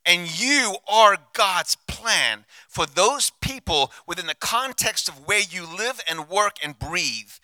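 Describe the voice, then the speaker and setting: A man preaches into a handheld mic, his voice high and strikingly bright. He is passionate, dropping low and quiet, then rising to loud, ringing declarations. The sound is close and dry, with almost no room. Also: expressive, slow pace, hardly any pauses, no echo. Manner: passionate, swings from hushed to loud. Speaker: pastor. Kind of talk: sermon.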